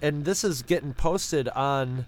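A man's voice: a little high, slow pace, low-quality recording. Profane, sarcastic man chatting. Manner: animated, rambling with restarts. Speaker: podcast co-host. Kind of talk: casual chat.

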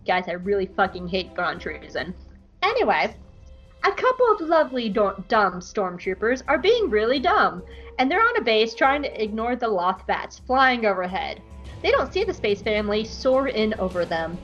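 A woman hosting a podcast, recapping an episode in an animated, profane, jokey way on a close mic. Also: medium pitch, moderate pace, dull audio, faint music behind. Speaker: podcast host.

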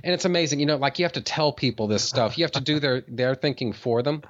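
A man in casual conversation tells a long story at a middling pitch, rambling through fillers and restarts and swearing freely. The recording sounds slightly dull and lo-fi. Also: quick pace. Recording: dull lo-fi audio.

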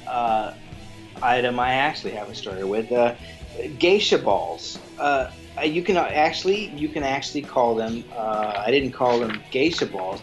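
A man co-hosting a podcast, telling a crude story in a rambling, animated way with lots of restarts. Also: medium pitch. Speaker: podcast co-host. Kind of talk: casual chat, storytelling.

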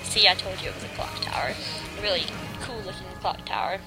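A woman's voice: medium pitch, brisk, rough recording. A young adult woman hosting a podcast, retelling a story in a bubbly, chatty way full of filler words. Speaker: podcast host. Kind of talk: casual review chat. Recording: music playing behind.

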